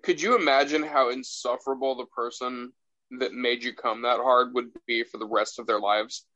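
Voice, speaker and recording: A man's voice: medium pitch, steady tone, normal speed, pushed and bright, dull audio. A man in a casual podcast chat, laid-back, chuckling through crude banter.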